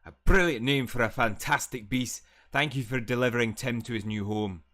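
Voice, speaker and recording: A man reading aloud as an older male magic professor who keeps creatures, in a loud, emphatic put-on accent. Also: medium pitch, normal speed, close to an everyday voice. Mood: proud.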